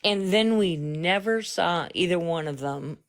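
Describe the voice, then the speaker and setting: A woman speculating in a slow, suspicious way during a casual live stream chat. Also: on the low side.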